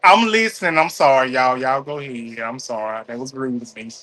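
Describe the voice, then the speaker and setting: A man's voice: medium pitch, brisk, a crowd in the background. A man in casual group chat who laughs easily and apologizes often.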